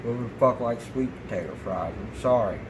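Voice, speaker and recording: A man's voice: mid-range voice, brisk. A man co-hosting a casual vlog, blunt and joking, swearing freely. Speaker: vlog co-host. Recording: noisy crowd behind.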